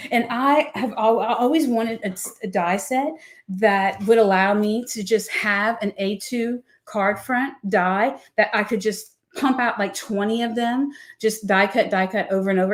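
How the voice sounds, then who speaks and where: A woman who owns a craft company, chatting casually and candidly through a product demo with lots of asides and check-ins. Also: medium pitch. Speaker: craft company owner presenting new products.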